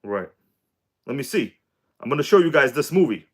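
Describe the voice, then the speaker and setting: A man's voice: medium pitch, big pitch swings, moderate pace, breathy edge. A man hosting a live stream, chatting casually and jokingly and greeting viewers by name.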